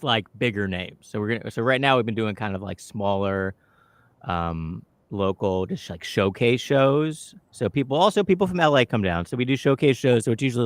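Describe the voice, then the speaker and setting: A man's voice: fairly low pitch, dry recording. A man hosting a casual chat at a comedy club, talking through upcoming shows and plugging them. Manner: chatty, promotional, talks through plans. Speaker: host.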